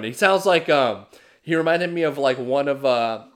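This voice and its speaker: A man co-hosting a casual podcast, telling stories in an animated, heavily profane way. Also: medium pitch, moderate pace. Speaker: podcast co-host.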